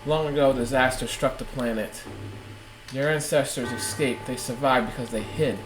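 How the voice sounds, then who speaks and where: A man reading aloud the lines of a cold, aloof male villain swordsman from a game, in a lowered voice. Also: normal speed, reverberant, noisy background, lightly acted. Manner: reads game dialogue aloud in a lowered, flat voice. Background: game music.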